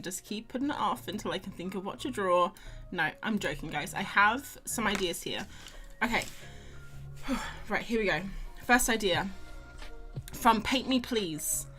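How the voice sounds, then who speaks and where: A woman's voice: medium pitch, lively intonation, unhurried, pauses often, bright, forceful tone, soft background music. A young woman hosting a casual drawing livestream, chatting and rambling to viewers and greeting them by name. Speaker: livestream host. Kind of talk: casual chat while drawing.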